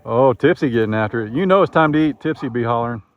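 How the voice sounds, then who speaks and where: A man's voice: mid-range voice, expressive, quick pace, highs cut off. Man, folksy farm vlog, outdoors, faint background noise. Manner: folksy, talks to the animals in a singsong voice. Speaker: farm vlogger. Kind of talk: casual farm vlog narration.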